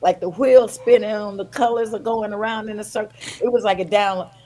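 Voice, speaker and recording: Older lady telling an emotional story on a podcast, gets lively, does the voices. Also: mid-range voice, a little fast, low-quality recording. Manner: animated, acts out quoted voices. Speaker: podcast guest.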